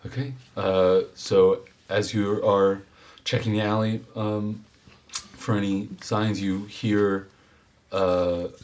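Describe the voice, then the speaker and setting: A deep-voiced man narrating a tabletop game as its game master. He speaks in a laid-back, rambling way and fills the gaps with plenty of ums and uhs. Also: flat delivery, takes it slowly, a little mellow.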